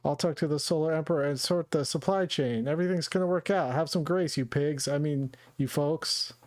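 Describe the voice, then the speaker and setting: A man's voice: on the high side, a little fast, no echo, studio quality, natural voice. A man voicing a crude, selfish male ruler of a failing planet who sneers at his people and gushes over his son. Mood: sneering.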